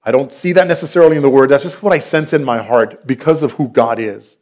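A man's voice: medium pitch, fast, a little mellow. A man, preaching a sermon as a pastor in an earnest, conversational, storytelling manner.

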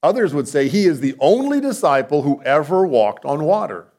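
Very animated and at a moderate pace, a man gives a conversational sermon. He asks rhetorical questions and alternates booming, emphatic lines with hushed, low asides.

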